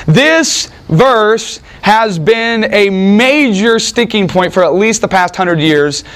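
A man delivers a sermon with a bright, higher-pitched voice. He preaches in an animated, conversational style, tossing in wry asides to the room. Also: takes it slowly, few pauses. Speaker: pastor.

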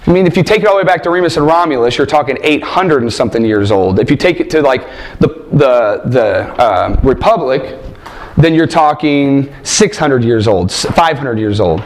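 A man's voice: medium pitch, animated, moderate pace. A man teaching a Bible class, asking rhetorical questions and stressing points emphatically. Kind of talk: classroom lecture.

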